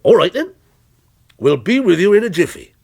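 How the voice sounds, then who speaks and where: A man voicing a brisk, breezy male official who apologizes in a businesslike way on the phone. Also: high voice, very animated, creaky, a little mellow, slightly rough, voice pushed up, heavily acted.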